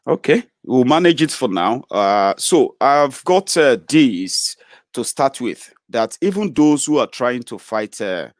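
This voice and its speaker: A man hosting a live political web broadcast, talking in a halting way with many fillers and restarts. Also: medium pitch, big pitch swings, no echo. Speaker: host of a political web show.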